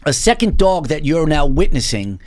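A man's voice: on the high side, very animated, normal speed. A man hosting a podcast interview, asking probing, leading questions. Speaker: podcast host.

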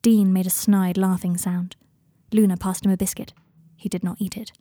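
A woman narrating a fan-fiction story in an even, steady storytelling manner. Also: medium pitch, normal speed, no room sound, studio quality. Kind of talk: audiobook narration.

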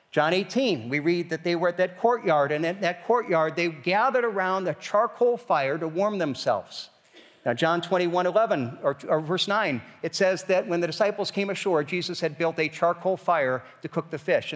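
A man's voice: high-pitched, fairly bright tone, big-room sound. A man preaching a sermon as pastor, in a conversational style that builds to emphatic questions.

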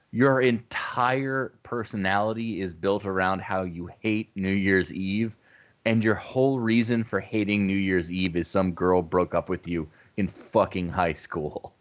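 A man co-hosting a casual podcast, joking and sarcastic. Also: low-pitched. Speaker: podcast co-host. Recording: dull lo-fi audio.

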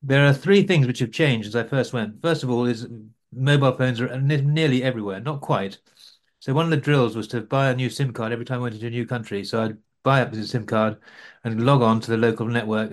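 A man answering interview questions about his overland travels, rambling with frequent restarts. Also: medium pitch.

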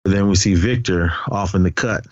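A low-voiced man casually recaps a film scene by scene, quoting the characters and filling gaps with "uh" and "like." His voice sounds dry and slightly dull, as if recorded on modest gear. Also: a little fast, dry recording. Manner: retells scenes with quoted dialogue and frequent fillers. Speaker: podcast co-host.

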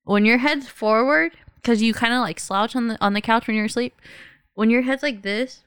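A woman's voice: on the high side, normal speed, a bit bright, smooth, dry recording, clean studio sound. A young woman in casual chat, telling stories animatedly, laughing often and swearing freely.

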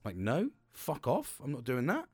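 Man, podcast host, rambling, sweary, dry close sound, mid pitch. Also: huge pitch swings, normal speed, breathy edge, no echo. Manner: rambling, swears freely, frequent laughs. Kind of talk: casual motivational monologue.

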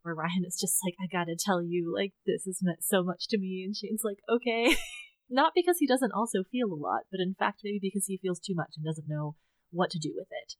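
A woman co-hosting a podcast, recapping a story in animated casual chat, acting out quotes and laughing. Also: fairly low pitch, fairly quick, dry recording, poor audio. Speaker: podcast co-host.

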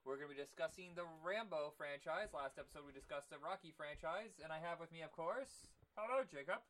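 A man hosts a casual movie chat in a slightly raised voice, loose and talkative. He laughs easily and slips into goofy quotes. The voice sits a bit higher than most men's. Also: brisk, a bit bright. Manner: chatty, laughs often, acts out silly quotes. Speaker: podcast host.

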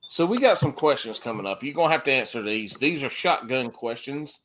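A man hosting a podcast, bantering crudely and laughing loudly with his guests. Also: mid-range voice, animated, fairly quick. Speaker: podcast host. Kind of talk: casual chat.

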